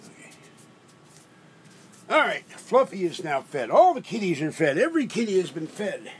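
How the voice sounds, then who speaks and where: A man's voice: high voice, very animated, moderate pace. An older man vlogging from home in a meandering, self-interrupting way, sounding fatigued. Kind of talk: rambling casual monologue. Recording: faint background noise.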